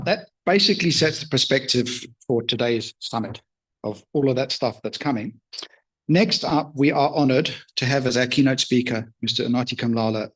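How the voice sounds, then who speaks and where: A man moderating a summit on stage, introducing speakers with jovial, quick banter. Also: medium pitch, slightly rough, poor audio. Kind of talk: event hosting. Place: conference stage.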